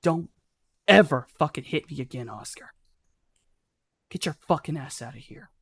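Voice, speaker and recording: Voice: medium pitch, expressive, normal speed, slightly rough, no room sound. Gm doing cold mean older-brother type, sober and sneering, dry mic. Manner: cold, mocking, unslurred. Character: cold, menacing grown brother, sober and cruel.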